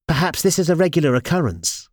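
A man's voice: a little high, sing-song, fast, no echo, clean studio sound, voice pushed up. A man voicing a worried younger sister, a young woman, in an audiobook. She asks anxious questions.

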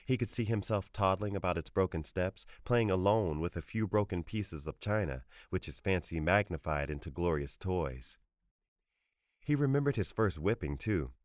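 A man narrates a short story at a measured pace. His voice sits very low, and the recording is close and dry, with no room sound. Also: expressive, no room sound. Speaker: audiobook narrator. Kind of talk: scripted narration.

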